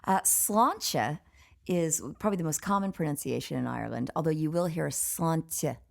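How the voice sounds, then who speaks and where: Low, gravelly woman teaching. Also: lively intonation, fast, darkish tone. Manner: patient, explanatory, light laughs. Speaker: session leader, language teacher. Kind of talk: explaining pronunciation in casual chat.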